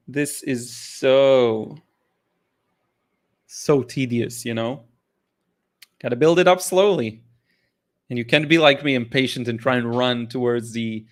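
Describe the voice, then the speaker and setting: This man's voice has a medium pitch and a bit of brightness. He's hosting a live art Q&A in a casual livestream chat about paintings, enthusiastic but yawning with tiredness, and his talk rambles with fillers and frequent restarts.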